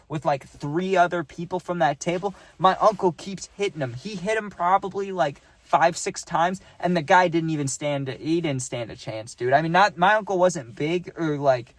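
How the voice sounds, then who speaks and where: A man's voice: on the high side, dry recording. Rambling young man telling a story. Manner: rambling, peppered with "right?" and "dude"; acts out quotes in animated voices. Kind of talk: casual storytime.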